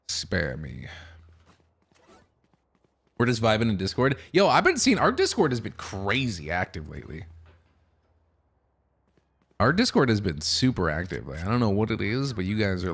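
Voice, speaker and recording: A man with a cold-roughened, hoarse voice, chatting loosely and swearing with viewers while playing a game at home. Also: lowish voice, fairly bright tone. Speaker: streamer. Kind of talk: casual live-stream chat while gaming.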